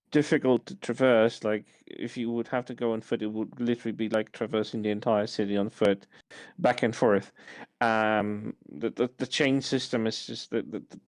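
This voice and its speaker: Podcast guy, smooth resonant voice, dry close mic, keeps going "the, the, the" before getting it out. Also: fairly low pitch, darkish tone, no room sound. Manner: repeats words while searching for them. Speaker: podcast co-host. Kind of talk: casual chat.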